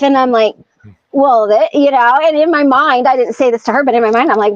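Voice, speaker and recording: A woman with a high voice tells a story in a lively, chatty way and acts out each person's lines. Her voice sounds dry and close, with a slightly dull, lo-fi quality. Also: brisk, no room sound. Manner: animated storyteller acting out quoted dialogue. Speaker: podcast guest. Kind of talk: casual storytelling.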